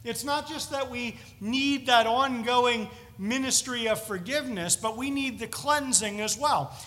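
High, bright-voiced preacher in a hall. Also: male voice, measured pace. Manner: earnest expository preaching with asides. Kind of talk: sermon. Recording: reverberant hall.

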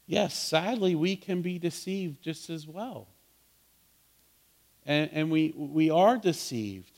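A man's voice: a little high, animated, takes it slowly, a little mellow. A man pastor preaching a sermon, earnest, repeating words and asking his listeners questions.

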